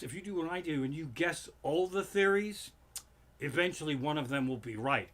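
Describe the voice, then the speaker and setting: A man hosting a comedy livestream from his living room, telling a profane story that keeps flaring into loud, swearing outbursts. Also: on the high side.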